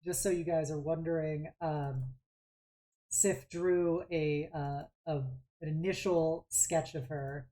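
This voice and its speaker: A woman with a low, mellow voice runs a tabletop role-play as game master. She describes scenes slowly and haltingly, padding her speech with fillers as she works out each detail. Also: steady tone. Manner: rambling, hesitant description full of fillers.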